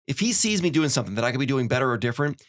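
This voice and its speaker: A man hosting a podcast, chatting casually and acting out little quoted lines as he tells stories. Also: medium pitch. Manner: fast, animated storyteller acting out quotes. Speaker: podcast host. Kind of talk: casual conversation.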